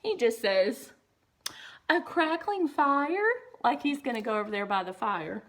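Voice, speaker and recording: A woman's voice: medium pitch, brisk. A woman reading a picture book aloud to children, stopping often for chatty, amused asides about the pictures. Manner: chatty, amused asides between read lines. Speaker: reader.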